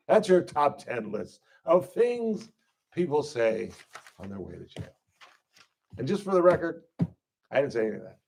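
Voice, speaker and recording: Animated high-voiced male radio host. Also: moderate pace, vocal fry, pauses often, husky. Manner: animated, mocks arrestees in whiny high voices. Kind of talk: talk radio monologue.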